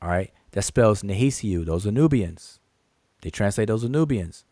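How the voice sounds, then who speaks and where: A man with a low voice leads a screen-share lesson, emphatic and full of repeats as he points things out. He counts figures aloud and keeps circling back. His voice is recorded dry and close, with no room sound. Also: animated, normal speed, warm tone, dry recording. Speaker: channel host teaching hieroglyphs.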